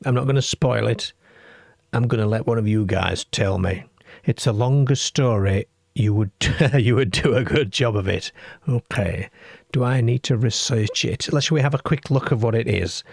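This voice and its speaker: A man's voice: on the low side, moderate pace, creaky, slightly rough, dry recording, clean studio sound. A man from the UK hosting a late-night call-in radio show, chatty and reading listener comments aloud. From United Kingdom.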